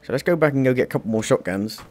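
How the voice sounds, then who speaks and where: A man's voice: mid-range voice, animated, racing, a little mellow. A young British man chatting through a video game, talking to the characters and yelping when things go wrong. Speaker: let's play gamer. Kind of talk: gameplay commentary.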